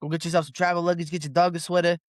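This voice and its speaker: Man, podcast host, slightly high voice, excitable storytelling, dry close sound. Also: racing, no room sound. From Boston area. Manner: animated storytelling, swears freely, repeats words. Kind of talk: casual podcast chat.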